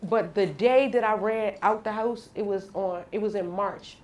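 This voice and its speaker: A woman's voice: medium pitch, normal speed, darkish tone, roomy sound. A woman guest in a candid radio interview, telling a personal story bluntly and with slang.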